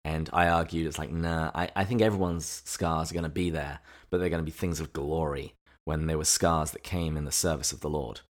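A man co-hosting a casual podcast, summarizing chapters and reflecting on them in a relaxed, thoughtful way. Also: extremely low pitch, fairly quick, hardly any pauses. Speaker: podcast co-host. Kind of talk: casual book-discussion podcast.

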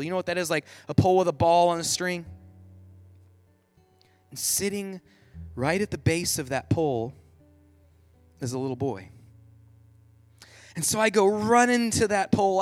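A man's voice: sits high, dry recording. A middle-aged man telling a personal story in a sermon, then leading into prayer, earnest and vivid with lots of "like". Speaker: Catholic speaker.

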